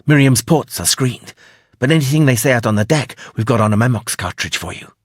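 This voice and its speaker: Street-smart young woman, slangy and blunt, a man reading her in an audiobook; husky, dry sound. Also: medium pitch, expressive, brisk, no echo.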